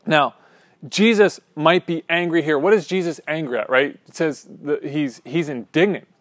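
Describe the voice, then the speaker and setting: A man leads a relaxed Bible class in a small room, his voice sitting a little high. He talks through his points conversationally, often checking in with the group. The recording is dry, with little room sound. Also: normal speed, no room sound. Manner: conversational, many asides and "right?" checks with the group. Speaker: Bible study teacher. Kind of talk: informal Bible class lecture.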